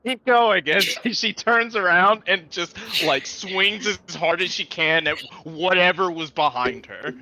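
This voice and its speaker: A man playing in a tabletop game, excitable and jokey, describing his character's moves. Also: sits high, unhurried, few pauses. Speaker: player. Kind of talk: casual tabletop play.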